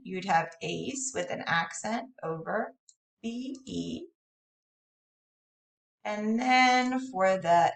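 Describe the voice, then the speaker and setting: Slow, gravelly woman teacher, echoey room. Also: mid-range voice, a bit bright. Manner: patient, explanatory, apologetic asides. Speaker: Spanish teacher. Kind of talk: recorded home lesson. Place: at home. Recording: roomy, distant, echoey room.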